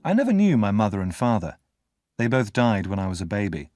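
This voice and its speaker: A man narrating a classic novel aloud as an audiobook reader, expressive and measured. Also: fairly low pitch, no echo, studio quality, soft background music. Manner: expressive storytelling, measured pace. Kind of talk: scripted narration.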